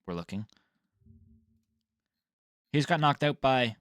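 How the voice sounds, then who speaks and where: A young man hosting his own fight predictions in a loose, rambling way, cursing freely and laughing at his own mistakes. His voice is bright and forward. It sits in a middle pitch and sounds dry and close, with no room around it. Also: expressive, a little slow, no room sound. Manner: rambling, swears and laughs at himself. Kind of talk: casual solo commentary.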